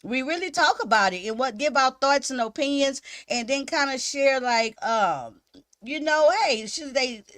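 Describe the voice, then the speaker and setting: A woman hosting a casual livestream, chatting with viewers in a giggly, animated way. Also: sits high, moderate pace, no room sound. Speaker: livestream host. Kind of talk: casual live-stream chat.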